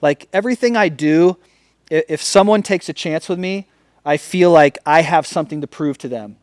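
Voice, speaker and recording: Northern California man, founder-guest type, a swearing, emphatic raconteur with a slightly raised pitch and a dry, close mic. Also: moderate pace, dry recording. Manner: profane, emphatic storyteller. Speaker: podcast guest, company founder. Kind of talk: casual interview storytelling.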